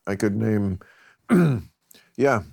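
A man's voice: fairly low pitch, steady tone, extremely slow, vocal fry, darkish tone. Wry, blunt male host. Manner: wry, blunt and profane, often chuckling mid-sentence. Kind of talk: casual chat.

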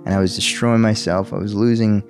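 A man's voice: fairly low pitch, fairly even intonation, a little fast, a little mellow, faint music behind. A young man telling a personal faith story in an interview, earnest and full of fillers and restarts.

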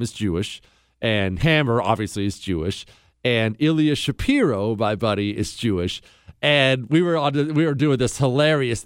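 A man hosting a talk radio show, chatting casually with quick asides and frequent chuckles. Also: medium pitch, smooth, no echo, clean studio sound. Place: radio studio.

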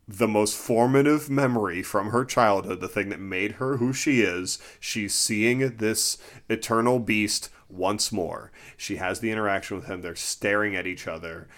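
Man, low-ish voice, casual film chat, animated, swears, acts out scenes. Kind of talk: casual movie discussion.

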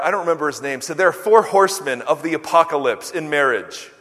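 A man preaching a sermon in an animated, emphatic way, with self-mocking humor. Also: fairly high pitch, quick pace, hardly any pauses, big-room sound. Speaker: pastor. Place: large church hall.

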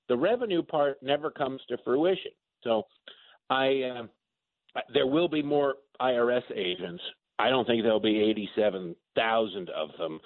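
A man voices sharp, mocking political opinions over a phone line. The sound is thin and tinny, with no room around it. His delivery is emphatic and sarcastic. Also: medium pitch, no room sound. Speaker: political commentator guest. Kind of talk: opinionated radio talk.

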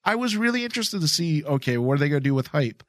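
A man co-hosts a casual podcast in a high voice that swoops around with animation. He talks excitably and is quick to agree with his co-host. The mic is dry and close. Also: dry recording.

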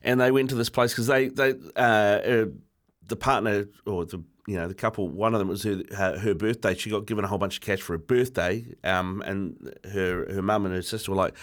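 A man with a New Zealand accent co-hosting morning radio, telling stories in a relaxed way with lots of fillers. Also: lowish voice, fairly quick. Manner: relaxed storyteller, many fillers, laughs easily. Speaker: radio co-host. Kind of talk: casual morning radio chat.

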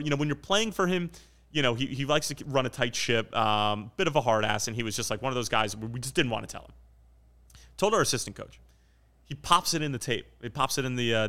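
A man's voice: mid-range voice, pushed and bright. A man in his twenties, a soccer play-by-play commentator, telling stories in a casual, self-deprecating podcast chat. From New Jersey. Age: 20s. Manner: fast, joking, self-deprecating storyteller.

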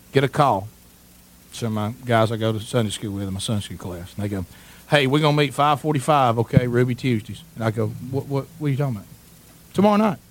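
A man co-hosting a radio talk show, telling animated stories in casual chat. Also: medium pitch. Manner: animated storytelling with voiced sound effects.

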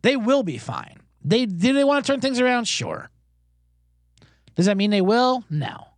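A man's voice: very high voice, big pitch swings, unhurried, no room sound. A man hosting a sports betting show, rambling casually and poking fun at himself with rhetorical questions. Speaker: host.

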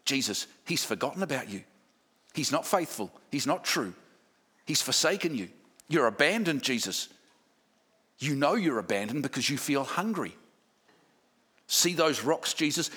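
A man's voice: fairly high pitch, pushed and bright, breathy edge, full character voice. A man voicing a sly male devil who coaxes and taunts during a sermon story. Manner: coaxing, taunting, insinuating.

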